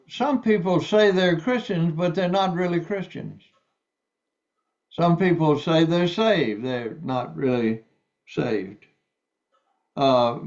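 A man preaches a sermon in a slow, deliberate way, leaning on key words as he reads scripture and explains it. His voice sits a bit high for a man. The recording sounds dull and lo-fi.

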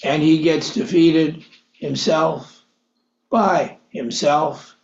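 A man's voice: on the high side, very slow, gravelly, darkish tone, echoey room, highs cut off. A man preaching a Bible-teaching sermon, reading verses in old scriptural wording, explaining them conversationally and asking his listeners rhetorical questions.

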